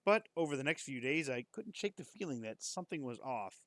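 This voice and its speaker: Man, streamer, horror story read-aloud, casual asides, bright voice, close dry mic. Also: mid-range voice, expressive, brisk, no room sound. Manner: casual, breaks off to joke and comment.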